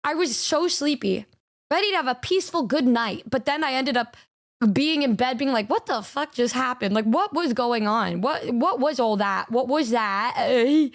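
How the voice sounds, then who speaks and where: A young woman talking casually to her stream, with a high, bright voice. She chats in an animated way, swears freely, and slips into exaggerated voices to quote people. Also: moderate pace. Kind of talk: casual stream reaction chat.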